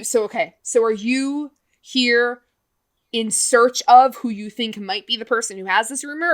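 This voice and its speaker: A woman running a tabletop game as game master, who keeps things moving with quick check-ins. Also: medium pitch. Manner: brisk, many quick "okay" and "all right" check-ins.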